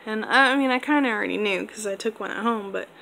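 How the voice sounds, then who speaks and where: A woman's voice: medium pitch, vocal fry, bright, forceful tone, a little hiss or hum, low-quality recording. A young woman in her twenties casually telling a personal story to camera, rambling with lots of fillers. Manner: rambling, filler-heavy, laid-back. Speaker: vlogger.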